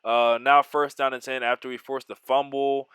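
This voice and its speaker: A man giving excitable play-by-play of his own football video game, mixing in joking, self-deprecating asides. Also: medium pitch, moderate pace, clear, resonant tone, no room sound. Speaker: gaming YouTuber.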